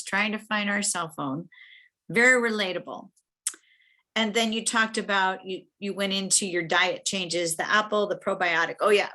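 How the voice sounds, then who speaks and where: A woman giving a chatty, encouraging evaluation of a speech over a video call, slipping into lively quoted asides. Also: mid-range voice. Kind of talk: spoken feedback on a speech.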